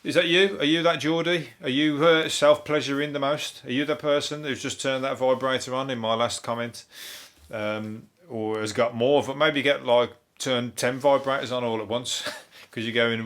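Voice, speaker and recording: A man with a Birmingham accent rambles through a comedic review of the news, swearing freely and laughing at his own jokes. His voice sits at an everyday middle pitch. Now and then he slips into quick silly impressions. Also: steady tone, fairly bright tone. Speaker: comedian host.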